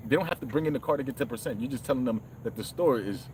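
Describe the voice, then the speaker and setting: This man talks very fast, his mid-range voice a little mellow, as he chats casually during a ride along city streets. He's a vlogger animatedly telling a story, performing quotes and swearing often. The recording is rough, with slight background noise.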